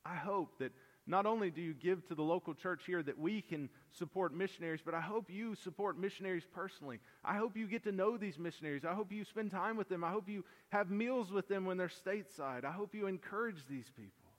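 Pastor guy preaching, earnest, a bit high voiced, long church reverb. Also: brisk. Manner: earnest expository preaching, swings between emphatic and hushed. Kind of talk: sermon.

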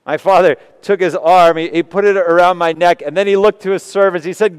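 A man preaching, retelling a story in the first person with earnest, emotional delivery and long pauses. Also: high voice, steady tone, clean tone. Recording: long reverb of a large hall.

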